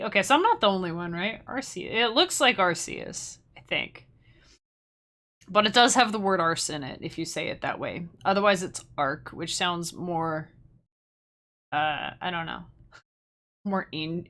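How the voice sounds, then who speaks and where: A woman's voice: on the low side, moderate pace, fairly bright tone. A woman streamer and musician chatting casually with her viewers, rambling and restarting her sentences, laughing often. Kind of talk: casual livestream chat with viewers.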